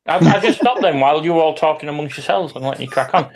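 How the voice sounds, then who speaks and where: A man, a hobby YouTuber, telling lively anecdotes in casual chat with some swearing. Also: on the high side, quick pace, gravelly.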